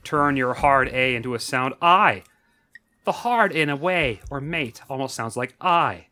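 A man co-hosting a casual comedy podcast, joking and reading slang aloud, drawing some words out slowly. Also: mid-range voice, lively intonation, bright, forceful tone, soft background music.

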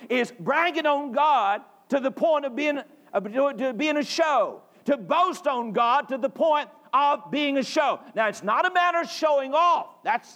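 A man from North Carolina, preaching a sermon emphatically, repeating phrases and rising to shouts. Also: very high voice. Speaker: pastor. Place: church sanctuary.

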